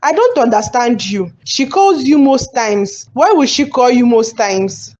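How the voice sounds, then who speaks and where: A woman's voice: a little high, expressive, measured pace, darkish tone. A woman voicing a suspicious young wife in a cartoon, pressing with questions. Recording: slightly dull sound.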